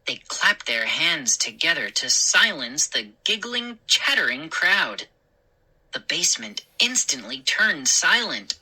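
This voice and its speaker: Breathy woman reading a scary story. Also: slow, rough recording. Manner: animated, jumps high for shouted lines.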